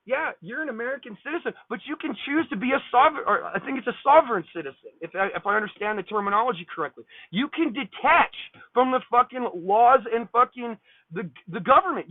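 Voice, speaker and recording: A man's voice: extremely high pitch, no room sound. A man, a streamer, ranting angrily about a neighbor dispute, swearing heavily. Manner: profane, heated, swearing constantly. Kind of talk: angry ranting monologue. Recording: thin phone-like sound.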